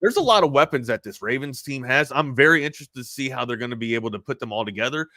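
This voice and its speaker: Bright-toned man with slight Baltimore accent. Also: medium pitch, quick pace, no echo, studio quality. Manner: rambling, animated game breakdown. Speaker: sports talk show co-host. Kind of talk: casual sports talk. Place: studio.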